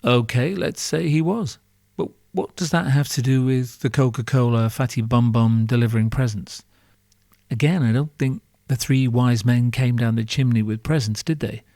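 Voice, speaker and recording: A man's voice: mid-range voice, moderate pace, gravelly, a little mellow, no echo, clean studio sound. A man hosting a podcast, delivering a sarcastic, profane comic monologue full of rhetorical questions. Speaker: podcast host.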